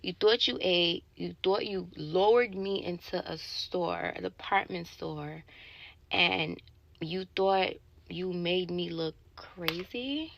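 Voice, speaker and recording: A woman telling a casual story to camera about a bad date, indignant and animated, swearing and acting out both sides of the dialogue. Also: fairly low pitch, takes it slowly, creaky, highs cut off. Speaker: sales associate telling a dating story.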